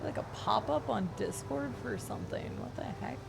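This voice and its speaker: Playing a game on stream, a woman keeps up a chatty, rambling conversation, bantering playfully with chat. Her voice is a little high with vocal fry, at a moderate pace, and background noise is audible.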